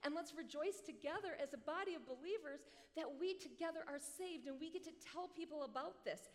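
A woman preacher giving a sermon in an animated, conversational way, with joking asides, in a large hall. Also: high-pitched, brisk. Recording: long hall reverb.

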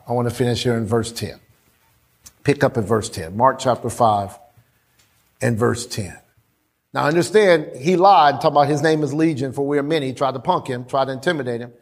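A man preaching a sermon in an animated, conversational way, with laughing asides. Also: medium pitch.

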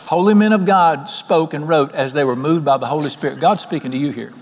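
A man, preaching an evening sermon in a folksy, animated way and asking the congregation questions. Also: a little high, fairly quick. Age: 60s. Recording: long hall reverb.

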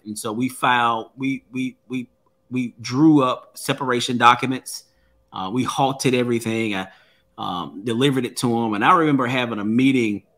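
A guest author with a mid-range, fairly bright male voice earnestly shares a personal story during an interview, often repeating words as he begins a thought.

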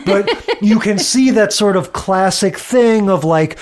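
A man co-hosting a podcast, calmly picking apart a TV episode in casual chat. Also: high-pitched, a little slow, hardly any pauses. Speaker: podcast co-host.

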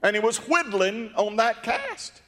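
High-voiced preacher in a reverberant hall. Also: male voice, sing-song, a little slow. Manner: fervent, storytelling, rises to emphatic shouts. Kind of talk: sermon. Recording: long reverb of a large hall.

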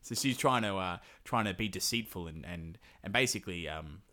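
A man's voice: sits low, expressive, sharp tone. Rambling man retelling a folk tale. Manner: rambling, swears, puts on quick silly voices for characters. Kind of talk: casual comedic storytelling.

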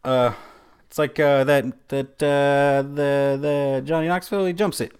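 A man's voice: medium pitch, fairly even intonation, unhurried, a little mellow, clean tone. An American man co-hosting a podcast, chatting casually about a movie in a teasing, joking, rambling way. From United States. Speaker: podcast co-host.

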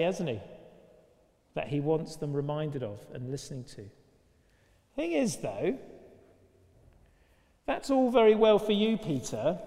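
A man preaching with a fairly high voice and a chatty, lively delivery that keeps asking the congregation questions. His sermon rings out with the long reverb of a large church. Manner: lively, conversational, full of rhetorical questions.

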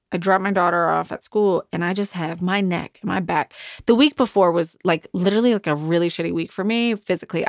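A woman's voice: on the low side, gravelly, no room sound, clean studio sound. A woman in her thirties hosting a podcast, telling a candid personal story with frank language and heavy swearing. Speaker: podcast host.

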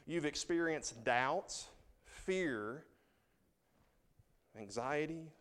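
Smooth-voiced man preaching a sermon. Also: a little high, animated, drawn-out words. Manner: conversational, swings from loud reading to hushed asides. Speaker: pastor.

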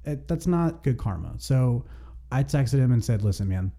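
Dark-voiced man telling a rambling story. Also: medium pitch, animated, measured pace. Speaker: podcast co-host. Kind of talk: casual chat.

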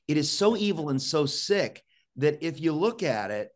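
A man's voice: fairly high pitch, very animated, moderate pace. A male talk show host urgently exhorting his listeners, often restarting words in a rush.

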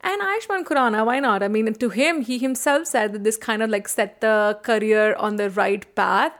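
A woman co-hosting a casual film review chat, animated and opinionated, laughing often. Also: fairly high pitch, moderate pace. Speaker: podcast co-host.

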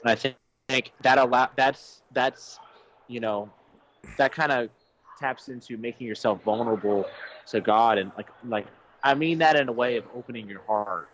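A man's voice: medium pitch, moderate pace, a bit bright, lo-fi sound, a little hiss or hum. A young man co-hosting a casual faith talk, thoughtful, often restarting his sentences. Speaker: podcast co-host.

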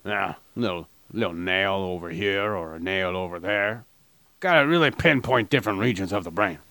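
A man's voice: low voice, normal speed, pushed and bright, dry recording. A man co-hosting a crude comedy podcast, rambling and joking, sometimes slipping into a mock advertiser voice. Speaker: podcast co-host.

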